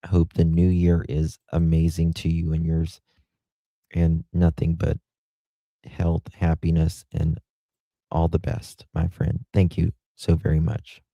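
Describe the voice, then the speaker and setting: A man's voice: low-pitched, completely flat delivery, unhurried, gravelly, dark tone, no room sound, lo-fi sound. A man hosting a casual livestream, chatty and defiant, thanking his viewers. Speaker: livestream host.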